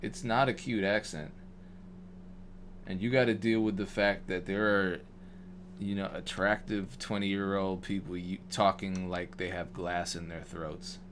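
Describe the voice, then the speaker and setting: A deep-voiced man from Wisconsin, talking loosely and jokingly as a producer on a live stream. He rambles and restarts his sentences often, and a faint hiss sits under his voice. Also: level tone, measured pace, a bit bright. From Madison, Wisconsin. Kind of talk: casual livestream chat.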